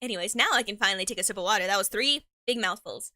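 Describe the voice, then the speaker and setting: A woman's voice: mid-range voice, very fast, bright, forceful tone, no echo, clean studio sound. A young woman streamer chatting casually while eating. She rambles, stumbles over her words, uses a lot of slang, and laughs often, sometimes talking with her mouth full. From Mexican heritage.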